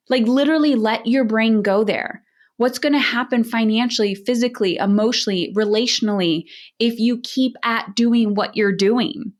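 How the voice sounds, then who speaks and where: A woman's voice: on the high side, normal speed. Direct, emphatic woman parenting coach. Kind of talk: podcast interview conversation.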